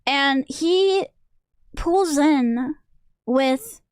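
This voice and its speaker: High voiced girl streamer ranting, keeps restarting, super dry close mic. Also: very slow, no room sound. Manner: rambling, self-interrupting, exasperated. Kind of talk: casual stream rant.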